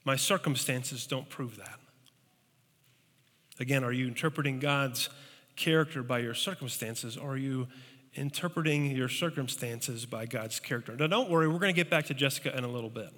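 A man preaching a sermon as pastor, telling stories with animated, acted-out voices. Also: medium pitch, brisk, big-room sound. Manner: animated storytelling, acting out scared voices.

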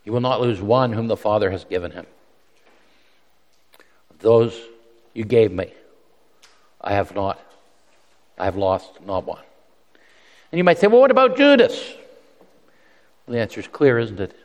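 A man's voice: fairly low pitch, normal speed, long pauses, in a large hall. A man preaching a sermon in a conversational way, often repeating himself and voicing the quotes he tells. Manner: conversational, repeats words, animated voices for quotes.

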